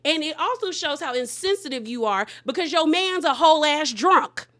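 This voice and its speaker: A woman hosting a reality TV recap, talking in a casual, animated and opinionated way with slangy, sassy asides. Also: high-pitched, moderate pace. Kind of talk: casual gossip recap commentary.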